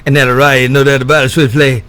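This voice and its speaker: A man in casual CB radio banter, drawling and repeating his sign-off catchphrase, his words trailing off low. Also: little pitch movement, fairly quick, noisy background. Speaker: CB radio operator.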